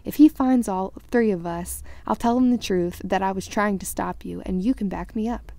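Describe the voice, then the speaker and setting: Bossy eleven-year-old girl, snappy and shrill, done by a woman reader, slightly husky low grain. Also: moderate pace, dark tone, no echo, lightly acted. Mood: insistent. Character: bossy know-it-all schoolgirl, about eleven.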